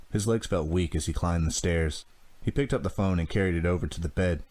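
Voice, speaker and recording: A man narrating a teen horror audiobook in a measured, even storytelling manner. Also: sits low.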